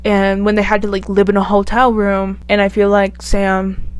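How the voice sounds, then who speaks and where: A woman vlogger giving casual, chatty and animated commentary. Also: medium pitch, normal speed, smooth. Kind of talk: casual tier-list commentary.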